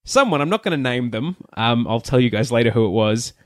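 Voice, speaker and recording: A man's voice: medium pitch, expressive, brisk, no echo, studio quality. A man co-hosting a podcast, chatting casually and rambling through stories with lots of asides. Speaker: podcast co-host. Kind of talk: casual chat.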